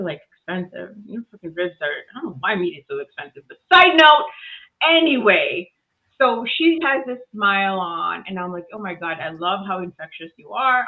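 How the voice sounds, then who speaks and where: Animated woman on a tinny line. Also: medium pitch. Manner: animated, laughs often, acts out voices in stories. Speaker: guest. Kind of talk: casual storytelling.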